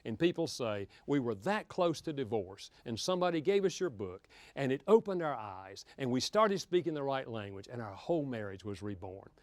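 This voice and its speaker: A man's voice: medium pitch, very animated, moderate pace, hardly any pauses, dry recording. An older man, giving a folksy, humorous talk on marriage to an audience. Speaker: speaker on marriage. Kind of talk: lecture to an audience.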